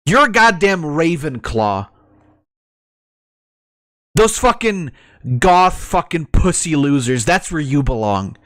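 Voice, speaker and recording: A man's voice: a little high, sing-song, slow pace, long pauses, fairly bright tone, no room sound, clean studio sound. A male streamer reacting to a video, ranting profanely and laughing often.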